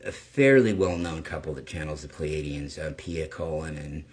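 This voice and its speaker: A man with a very low voice tells a long personal story on his own channel. He rambles, doubles back, and keeps checking in with his listeners. He swears casually as he goes. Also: normal speed. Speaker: channel host.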